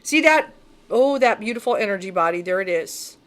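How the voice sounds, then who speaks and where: A woman's voice: medium pitch, animated, normal speed, a bit bright. A woman spiritual reader talking casually to camera in a blunt, emphatic, heavily profane way.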